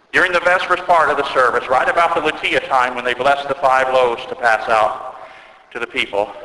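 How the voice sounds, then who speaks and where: A man preaching an earnest sermon as an Orthodox priest, telling a story and slowing down to stress key words. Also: medium pitch, pushed and bright. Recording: echoey church with long reverb.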